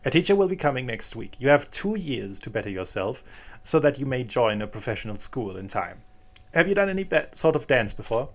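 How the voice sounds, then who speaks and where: Strict wealthy mother, read by a man: clipped, sharp, commanding, no warmth. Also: medium pitch, very animated, brisk, few pauses. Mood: curt.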